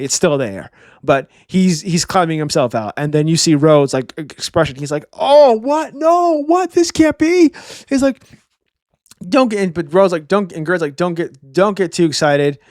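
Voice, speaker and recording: A man reviewing a manga chapter in a rambling, profane, excitable casual chat. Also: fairly high pitch, dry recording, clean studio sound.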